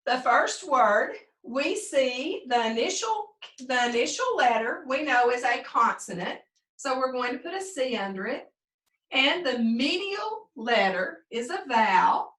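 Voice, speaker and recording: A woman teaching first grade phonics, prompting young pupils and slowly sounding out words in a sing-song way. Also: high voice, sing-song, a bit bright. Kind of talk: remote phonics lesson for young children. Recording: echoey room, mic at a distance.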